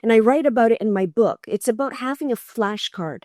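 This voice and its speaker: A woman's voice: on the high side, a little fast, no echo, clean studio sound. Earnest woman telling her story. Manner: earnest and animated, acting out other people's voices in her stories. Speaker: guest, cancer survivor. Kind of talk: emotional storytelling in an interview.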